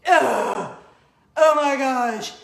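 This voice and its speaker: Sulky tormented teen girl, loud drawn-out groans, lively swoops, echoey room, put on by a mom. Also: high voice, gravelly, exaggerated voice. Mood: exasperated groaning. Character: sulky eye-rolling teenage girl, tormented. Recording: roomy room echo.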